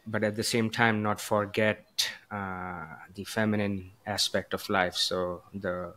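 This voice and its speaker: A male podcast host with a lowish voice that moves little in pitch. He speaks gently and reflectively, pausing often on "uh" and "um" as he sums up and thanks his guest. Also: level tone. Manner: gentle, reflective, hesitant with frequent "uh" and "um". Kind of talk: casual podcast conversation.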